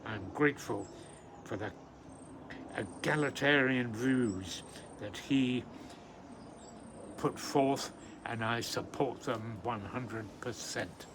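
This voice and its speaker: A man with a gravelly voice reads verse slowly and unhurriedly, pausing often with ums as he talks about the poet between readings. Crickets and insects chirp in the background. The recording is noisy. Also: medium pitch. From British Isles. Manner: hesitant, many ums and pauses, warm enthusiasm for the poet. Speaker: host of a daily poetry reflection. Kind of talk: reading poetry aloud with casual commentary.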